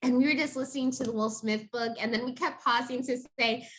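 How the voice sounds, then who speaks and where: A woman co-hosts a casual talk show with a bright, forward voice. She tells her stories with lots of animation, acting out her own reactions as she goes. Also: on the high side, fairly even intonation, fairly quick. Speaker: podcast co-host. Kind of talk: casual chat.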